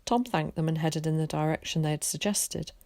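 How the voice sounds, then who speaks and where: A teacher reading a children's story aloud in a calm, steady way. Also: female voice, low-pitched, fairly quick, no echo, studio quality.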